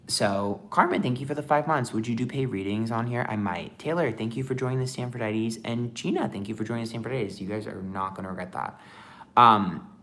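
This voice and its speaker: A man's voice: mid-range voice, fairly quick, fairly bright tone, a little hiss or hum. A man chatting casually on a livestream as a tarot reader, rambling with lots of fillers.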